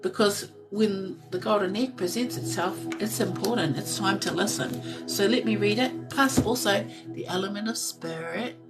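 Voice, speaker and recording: A woman giving a live intuitive card reading, talking in a soft, slow, meditative way and reading card text aloud. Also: medium pitch, recorded from a distance, over music, low-quality recording.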